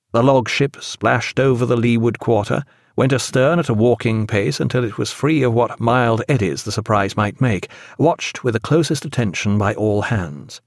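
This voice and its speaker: A man narrating a novel aloud in a measured, expressive storytelling manner. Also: mid-range voice, creaky, dry recording, studio quality. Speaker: audiobook narrator. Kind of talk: scripted narration.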